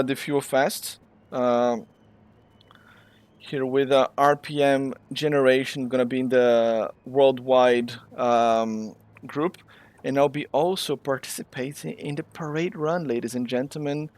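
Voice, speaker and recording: A man from Brazil, hosting and calling a sim race with excitable, exclamatory play-by-play. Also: medium pitch, no echo. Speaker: race commentator and host. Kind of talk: live sim racing commentary.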